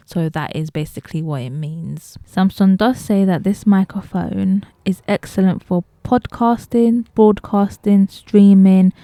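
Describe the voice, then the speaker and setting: A woman talking straight to her viewers as she reviews a microphone, explaining each feature clearly, recorded close on a studio mic in a room at home. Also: lowish voice, warm tone, dry recording. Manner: explanatory, addresses viewers directly. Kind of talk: casual product review. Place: indoor room. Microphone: close studio dynamic microphone.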